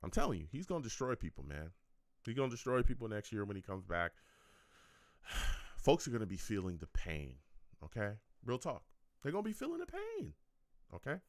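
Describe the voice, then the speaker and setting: A low-pitched man hosts his own fan sports show, and his voice swings widely up and down as he talks. He keeps asking his listeners "okay?" and "all right?" and keeps the tone joking and animated. The sound is close and dry, with little room in it. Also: a little fast, pauses often, no room sound. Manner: animated, repeats himself, tags lines with "okay?" and "all right?"; joking and laughing at his chat. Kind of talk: casual call-in show wrap-up.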